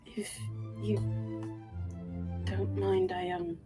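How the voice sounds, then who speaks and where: Slow, hesitant woman player. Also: extremely high pitch, big pitch swings, creaky, dark tone, soft background music.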